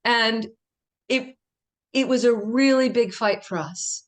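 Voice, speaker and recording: Soft-spoken woman telling a personal story. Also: fairly high pitch, slow. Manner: reflective, intimate storytelling with soft laughs. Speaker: guest speaker. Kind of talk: storytelling in a livestream conversation.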